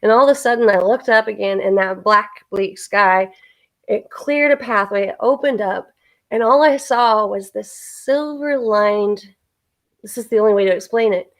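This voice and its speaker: A woman's voice: medium pitch, normal speed. A woman hosting a casual spiritual chat on a live stream, earnestly telling a long personal story. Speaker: host.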